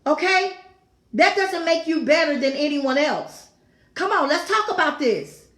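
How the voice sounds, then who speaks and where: Fervent high-voiced woman preaching. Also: lively intonation, unhurried, fairly bright tone. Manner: fervent, repeats phrases, exclaims asides. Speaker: talk show host teaching scripture. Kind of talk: preaching-style devotional talk. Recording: echoey room.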